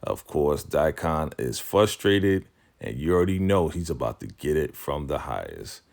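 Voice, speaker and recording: A chatty man with a low, deep voice recaps a TV drama episode in a loose, conversational way. He fills his talk with asides and chuckles. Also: very animated, a little slow, creaky, a little mellow. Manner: chatty, laughs often, lots of fillers like "I mean" and "right?". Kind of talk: casual recap commentary.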